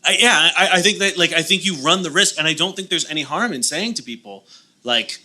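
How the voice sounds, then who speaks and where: A man's voice: fairly high pitch, brisk, bright, forceful tone, slight background noise. A man co-hosting a podcast live on stage, joking and rambling with many restarts in casual talk. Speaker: podcast co-host. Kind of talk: casual comedic chat. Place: live show venue on stage.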